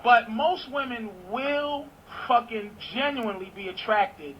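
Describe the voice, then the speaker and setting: A man's voice: extremely high pitch, a little slow, highs cut off, slight background noise. A man hosting a radio talk show, blunt, profane and pushy as he grills a caller. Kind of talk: loud raunchy radio banter.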